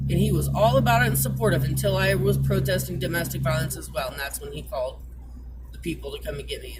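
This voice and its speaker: Woman, tearful, distraught, pleading, cursing, voice breaking, distant mic, loud traffic noise. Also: medium pitch. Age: adult, parent. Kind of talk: emotional personal venting.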